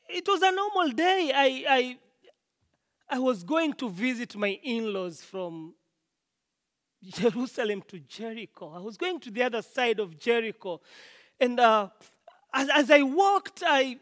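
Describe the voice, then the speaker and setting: A preacher playing a halting wounded traveler. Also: medium pitch, a bit bright. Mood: shaken. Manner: halting, repeats words, dramatic retelling. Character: wounded robbed traveler man, shaken. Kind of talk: first-person dramatic monologue.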